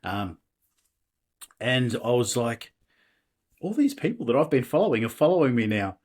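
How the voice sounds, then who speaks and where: An Australian man, a podcast guest, telling personal stories in a casual, animated way with laughs and restarts. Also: mid-range voice, moderate pace. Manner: animated, laughing, self-deprecating, many restarts. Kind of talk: casual interview storytelling.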